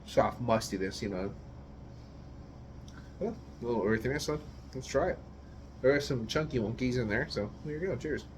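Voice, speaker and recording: A man from the United States gives a casual, rambling review of a beer he's tasting, searching for words and swearing now and then. He speaks at medium pitch and moderate pace with long pauses, over slight background noise.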